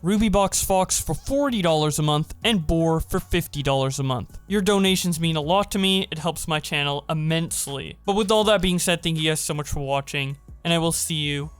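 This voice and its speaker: A man hosting a commentary channel, giving scripted narration and reading tweets aloud in a steady voice. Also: on the high side, normal speed, few pauses, clean tone, soft background music.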